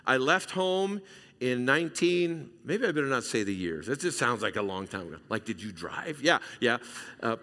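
A middle-aged male pastor from Southern California preaching a sermon, emphatic and repetitive, swinging between loud and hushed. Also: mid-range voice, expressive, moderate pace. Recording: reverberant hall sound.

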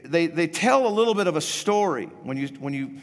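A man's voice: a little high, lively intonation, fairly quick. A man in his fifties preaching a sermon as pastor, casual and rambling with frequent restarts. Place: church sanctuary. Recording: echoey church hall.

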